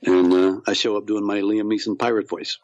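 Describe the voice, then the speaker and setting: A man's voice: fairly low pitch, steady tone, a little fast, no room sound, muffled recording. A man, an actor, chatting as a podcast guest, rambling with many fillers and restarts. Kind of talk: casual interview chat.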